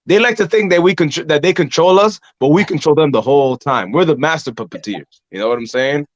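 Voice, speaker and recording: A man talks through wrestling stories in a casual podcast chat, fairly high in pitch and animated, often slipping into the voices of fans and rivals. The sound is dry and a little dull, as if from a modest lo-fi mic. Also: brisk, dry recording. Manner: animated storytelling, acts out crowd and ring voices. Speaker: podcast host and pro wrestler. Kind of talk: casual conversation.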